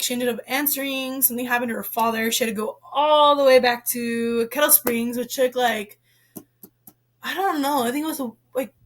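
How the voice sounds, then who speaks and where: High-voiced young woman rambling about a book. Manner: rambling, heavy use of "like" and "um"; expressive, gets worked up. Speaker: book reviewer. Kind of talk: casual book review chat.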